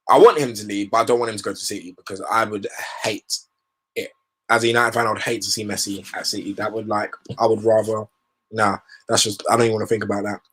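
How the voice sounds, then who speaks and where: A man's voice: fairly low pitch, slightly rough. A young man hosting a football show, giving rambling, opinionated commentary in casual slang.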